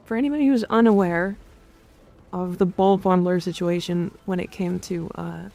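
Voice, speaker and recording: A woman streamer chatting casually while gaming, crude and excitable, swearing freely. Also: on the low side, normal speed, creaky.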